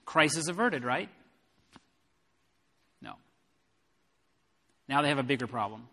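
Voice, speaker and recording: A man's voice: medium pitch, animated, unhurried, creaky, pushed and bright. A man preaching a sermon, explaining a Bible passage verse by verse and retelling it in everyday words. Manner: expository Bible preaching with paraphrase. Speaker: pastor. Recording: long hall reverb.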